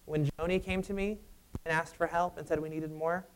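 A man preaching a sermon and telling a personal story in a conversational, animated way. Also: a little high, a little fast, clear, resonant tone.

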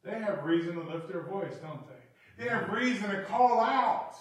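A man preaching a sermon, animated and swinging from quiet asides to shouting. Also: sits high, moderate pace. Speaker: pastor. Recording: echoey hall, from far off.

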